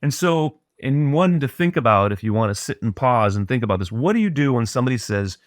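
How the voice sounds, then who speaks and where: Here the middle-aged podcast guest tells his personal story animatedly and a little fast, though still earnest and reflective. He keeps restarting sentences in his mid-pitched voice, captured in a close, dry recording.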